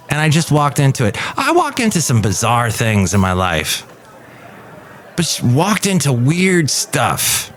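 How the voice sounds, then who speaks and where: A middle-aged man from the United States hosting a podcast, telling a personal story in a rambling, casual way with restarts. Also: mid-range voice. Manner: rambling anecdotal delivery with restarts and acted quotes. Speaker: podcast host.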